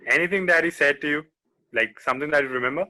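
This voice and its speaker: A man's voice: a little high, quick pace, bright, forceful tone. A man hosting a casual interview, asking questions and adding short prompts and backchannels. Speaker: interview host.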